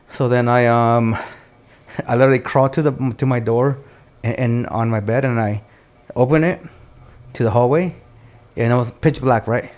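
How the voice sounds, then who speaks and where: A man's voice: medium pitch, unhurried, pauses often. A man on a podcast telling a story with animation, cursing freely and slipping in Spanish words. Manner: animated storyteller, swears often, says "dude" and "bro". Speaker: podcast host. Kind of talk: casual chat, storytelling.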